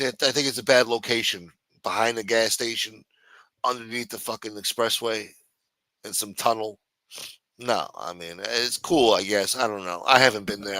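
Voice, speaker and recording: A male talk show host rambles through sardonic, foul-mouthed commentary. His voice is bright and forceful, recorded dry and close. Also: on the low side, dry recording. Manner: sardonic, profane, mumbling asides. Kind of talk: casual profane commentary.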